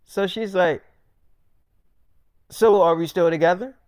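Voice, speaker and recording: A young man, telling a freestyle comic story and acting out every character himself, going low and soft for his own lines. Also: slow pace, smooth, no echo.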